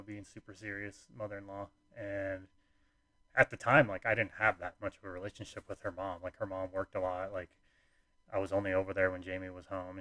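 Young man, low voice, rambling casual storyteller, dead-dry close recording. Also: sharp tone, dry recording. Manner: rambling, frequent fillers and restarts, nonchalant.

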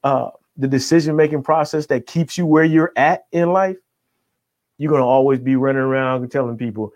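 A middle-aged man and life coach, talking in an energetic motivational style and tagging his points with "right?". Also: mid-range voice, moderate pace, dry recording. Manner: energetic, tags nearly every point with "right?". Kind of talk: motivational conversation.

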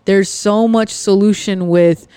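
A woman hosting her own podcast, talking earnestly and confessionally, with frequent pauses and fillers. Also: medium pitch, steady tone, warm tone, clean tone, no room sound. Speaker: podcast host. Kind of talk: candid personal podcast monologue.

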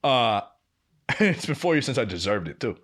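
A young man, a podcast co-host, telling a workplace story in casual chat, swearing and acting out what people said. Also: normal speed. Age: young adult. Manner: animated, swearing, acting out quoted lines with big pitch jumps.

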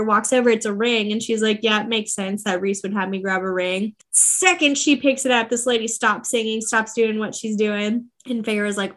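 A young woman co-hosting a podcast, retelling a novel's plot in casual, slangy chat with quick voices for the characters. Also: mid-range voice. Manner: animated, slangy storytelling with quick character asides. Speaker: podcast co-host. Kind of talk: casual book recap chat.

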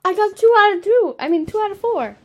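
A woman's voice: very high-pitched, lively intonation, fast talker, darkish tone, slight background noise. A young woman in casual chat, playful and goofy, asking quiz questions. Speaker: quiz asker.

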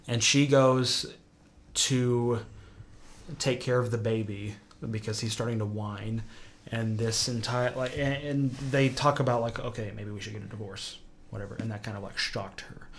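A man casually recapping a TV show plot, rambling with lots of fillers and trailing off into quiet mumbles. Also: mid-range voice, fairly even intonation, a little slow, a little hiss or hum. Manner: rambling, filler-heavy, drops quiet when quoting characters.

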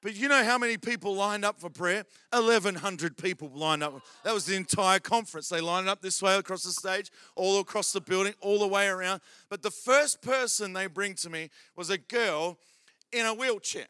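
A man preaching a sermon as pastor, telling a story with humorous asides and building to loud calls to the church. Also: high voice, moderate pace, smooth, dry recording, clean studio sound.

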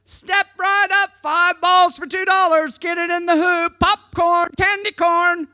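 A woman's voice: very high voice, flat delivery, unhurried, pushed and bright, voice pushed up, heavily acted. A woman preacher putting on a brash carnival barker calling out his games and snacks. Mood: hawking. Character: loud carnival barker man hawking games.

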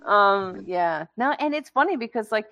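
A woman's voice: mid-range voice, animated, moderate pace, creaky, a bit bright, no echo, muffled recording. A young woman co-hosting a casual podcast chat, blunt and crude, laughing often. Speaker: podcast co-host.

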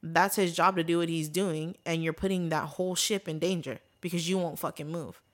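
Casual: lady cohost ranting, blunt, lots of swearing, kinda low voice. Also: fairly even intonation, brisk. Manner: blunt, heated, heavy swearing. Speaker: podcast co-host. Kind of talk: casual chat.

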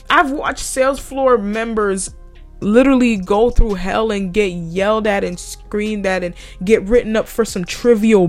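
A young woman ranting heatedly and sarcastically in a profane vlog monologue. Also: on the high side. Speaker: vlogger.

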